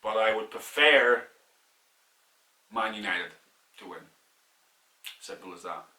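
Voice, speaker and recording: A young Irish man talks candidly through viewer questions in a casual vlog, often laughing at himself. His voice is bright and forceful. It sounds echoey, with the mic set back from him. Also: lowish voice, slow, recorded from a distance. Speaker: YouTuber answering viewer questions.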